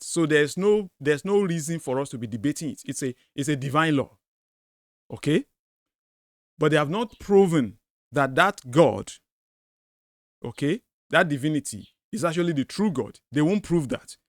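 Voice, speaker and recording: Male commentary host, high-pitched, insistent and repetitive, close and dry sound. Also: no room sound. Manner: emphatic, repeats his points. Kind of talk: commentary on a debate clip.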